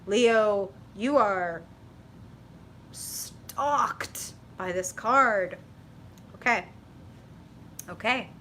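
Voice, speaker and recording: Speaking extremely slowly with frequent pauses, this medium-pitched middle-aged woman reads tarot for a live stream audience. She's animated and casual, curses freely, and laughs a lot, while a little hiss or hum runs underneath.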